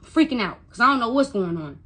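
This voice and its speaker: A woman's voice: a little high, expressive, fast talker, fairly bright tone, breathy edge. A woman speaking as a mother, talking bluntly with heavy swearing and retelling conversations by quoting them. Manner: blunt, profane, retelling dialogue with quotes. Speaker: mother telling her son's story. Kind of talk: emotional vlog monologue.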